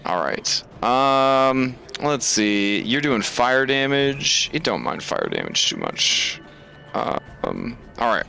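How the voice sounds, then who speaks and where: Slow, relaxed man running a game. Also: mid-range voice, creaky, faint music behind. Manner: relaxed, thinking aloud with many fillers. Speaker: game master.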